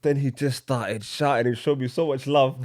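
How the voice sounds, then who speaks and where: A man's voice: mid-range voice, normal speed. A young man, co-hosting a casual podcast chat and telling stories animatedly. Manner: animated storyteller, laughs while telling. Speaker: podcast co-host.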